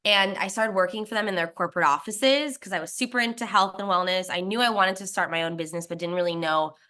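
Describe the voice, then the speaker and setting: A young adult woman, a snack brand founder, tells her story as an interview guest. Her mid-range voice moves quickly, and she's chatty, laughs often and quotes others in lively asides.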